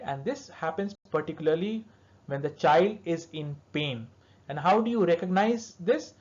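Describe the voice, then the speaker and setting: Brief: pediatric dentistry lecturer, mid-pitched voice, patient teaching delivery, muffled low-fi audio. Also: a little mellow. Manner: explanatory, checks in with "all right" and "okay". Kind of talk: recorded lecture to dental students. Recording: dull lo-fi recording.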